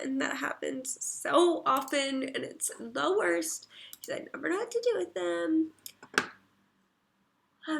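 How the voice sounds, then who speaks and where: Female streamer, high voice with vocal fry, unhurried casual chat, reads comments aloud. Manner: reads viewer comments aloud and murmurs soft asides. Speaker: livestreamer.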